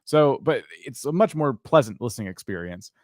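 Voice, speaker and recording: A man hosting a live-stream of channel reviews, giving opinionated critiques with jokes and animated asides. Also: mid-range voice, a little fast, no room sound, studio quality.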